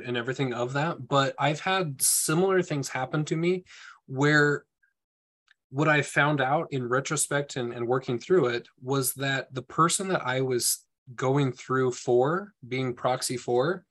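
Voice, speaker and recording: A man's voice: medium pitch, a little slow, fairly bright tone. Thoughtful man speaking reflectively. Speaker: temple worker. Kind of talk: casual group discussion.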